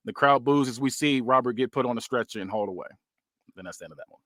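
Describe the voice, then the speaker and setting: A man's voice: mid-range voice, fast, a bit bright, no echo, studio quality. A man hosting a podcast, casually narrating a wrestling storyline play by play with plenty of "um"s. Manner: rambling, many "um"s and restarts. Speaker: podcast host presenting a fantasy booking.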